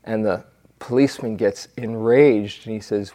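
A man's voice: fairly low pitch, steady tone, warm tone. A man giving a dharma talk as a meditation teacher, telling stories in a reflective way with fillers. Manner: unhurried, reflective storytelling with fillers.

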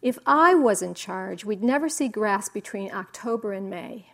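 A woman voicing a grumpy, demanding little boy who shouts and pleads. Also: mid-range voice, lively intonation, normal speed, creaky.

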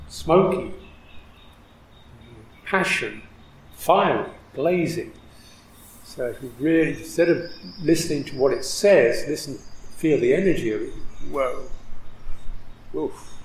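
A man who is a Buddhist monk teacher, giving a reflective dharma talk with frequent soft laughter. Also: mid-range voice, roomy sound, slight background noise, poor audio.

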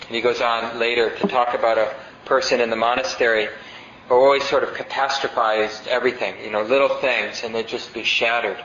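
Meditation teacher guy chatting through a dharma talk, mid pitch, roomy dull recording. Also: fairly even intonation, brisk, a bit bright, a little hiss or hum. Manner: conversational, reads passages aloud, asks the audience questions. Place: meditation center hall.

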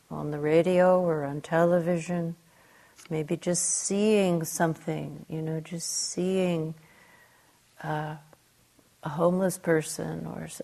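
Female meditation teacher, contemplative and unhurried, low-ish soft voice. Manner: slow, soft-spoken, contemplative. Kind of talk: dharma talk and story reading.

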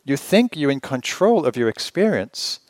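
A man's voice: mid-range voice, big pitch swings, normal speed, dry recording. Man giving a conversational meditation talk. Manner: conversational, rhetorical questions, gently humorous. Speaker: meditation teacher. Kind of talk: retreat dharma talk. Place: meditation retreat hall.

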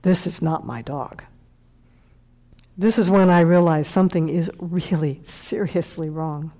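A woman's voice: lowish voice, unhurried, dark tone. A middle-aged woman, a meditation teacher, telling a heartfelt personal story in a dharma talk and sometimes dropping to a whisper.

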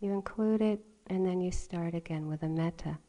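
Gentle woman giving a dharma talk. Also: on the low side, normal speed. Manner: gentle, laughs often, storytelling. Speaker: meditation teacher. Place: retreat meditation hall.

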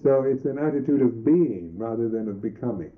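A Buddhist monk teacher giving a reflective meditation talk, pausing and restarting his phrases often. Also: medium pitch, expressive. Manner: slow, reflective, halting with restarts. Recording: tinny lo-fi old recording.

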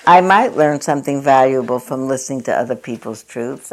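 A woman's voice: rumbling low, a little fast. A woman meditation teacher giving a dharma talk at a meditation center, chatty and self-mocking, often laughing at herself.

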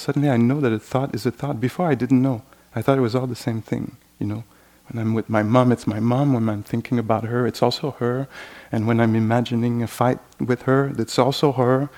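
A man teaching meditation in a reflective, unhurried dharma talk, often adding "you know" and voicing inner thoughts as asides. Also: mid-range voice, darkish tone. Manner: acts out inner voices in quoted asides.

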